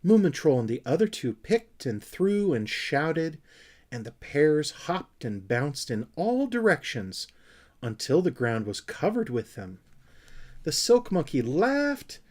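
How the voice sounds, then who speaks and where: A man's voice: fairly high pitch, very animated, slow, darkish tone. Man reading a children's book aloud. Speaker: audiobook reader. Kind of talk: storybook narration.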